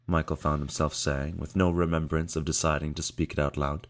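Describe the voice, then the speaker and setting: A man narrating an audiobook in a measured, steady storytelling manner. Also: rumbling low. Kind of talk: scripted narration.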